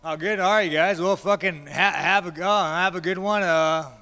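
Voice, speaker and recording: A man's voice: sits high, fairly even intonation, moderate pace, pushed and bright, clean tone. A man, a fighter at a media day, giving blunt, profane, rambling answers to reporters. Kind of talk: press scrum answers. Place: large media day room. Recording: echoey hall.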